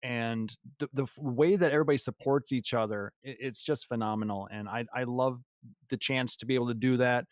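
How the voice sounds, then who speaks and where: A man's voice: medium pitch, fairly even intonation, brisk, no room sound, studio quality. A man visiting as a guest on a gaming podcast, speaking in a friendly, earnest way. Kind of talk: casual chat.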